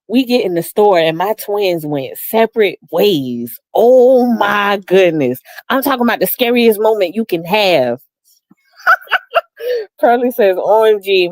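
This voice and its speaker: In a studio-quality recording with no echo, a middle-aged woman hosts a livestream and chats casually. She reads comments and tells family stories with frequent laughter, animated and using a high voice to act out quotes.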